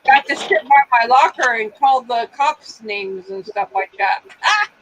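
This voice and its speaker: A woman's voice: a little high, lively intonation, unhurried, a bit bright, slight background noise, rough recording. A woman chatting casually on a livestream, telling rambling stories with lots of giggles. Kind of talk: casual chat.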